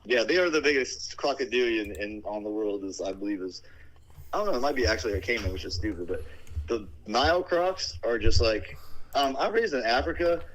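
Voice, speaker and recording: A man's voice: mid-range voice, lively intonation, fairly quick, a bit bright, rough recording. A man in casual, profane chat, telling rowdy stories and acting out the voices of people and animals. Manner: rowdy storytelling, acts out voices, swears constantly.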